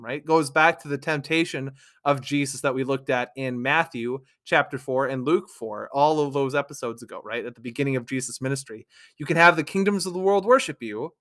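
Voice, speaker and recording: A man's voice: a little high, a bit bright. A man reading scripture aloud and then explaining it in a conversational teaching style, often checking in with "right?". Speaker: Bible teacher.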